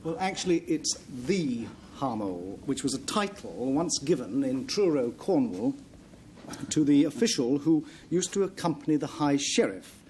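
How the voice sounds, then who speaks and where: A man on a game-show panel giving a definition in a measured, matter-of-fact way. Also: a little high, big pitch swings, darkish tone, slight background noise.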